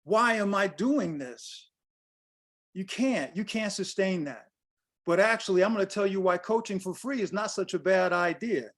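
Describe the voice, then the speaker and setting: An older man giving a blunt, direct workshop talk over a video call, questioning his audience. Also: high voice. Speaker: guest speaker on pricing.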